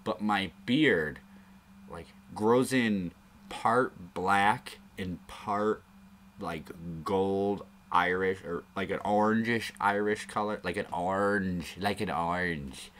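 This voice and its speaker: A man's voice: fairly low pitch, takes it slowly, a bit bright, a little hiss or hum. A man hosting a live stream, rambling casually in a crude, joking way. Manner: rambling and crude, prone to chuckling asides.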